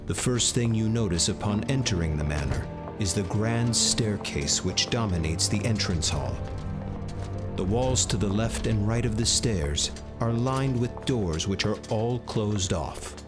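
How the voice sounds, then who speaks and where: A man giving measured second-person scripted narration for a game. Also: fairly low pitch, animated, over loud music.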